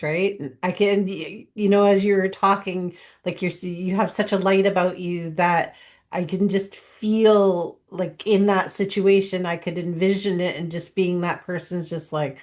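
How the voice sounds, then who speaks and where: Lower-voiced woman podcast host, affirming. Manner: warmly affirming, halting with restarts. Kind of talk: casual chat.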